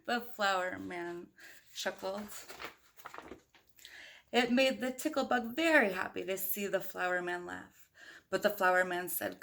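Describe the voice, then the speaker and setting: A woman's voice: mid-range voice, slow, gravelly, long pauses, a bit bright. Playful woman reading a storybook aloud. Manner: playful, chatty, talks to listeners. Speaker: storybook reader. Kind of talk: children's read-aloud with chatty asides.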